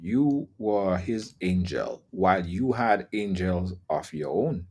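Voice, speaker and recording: A male interviewer with a very deep, somewhat husky voice. His pitch moves a lot, rising and falling as he reacts. He responds with sympathy and then presses on with questions. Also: lively intonation, slow, a little mellow. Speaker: host.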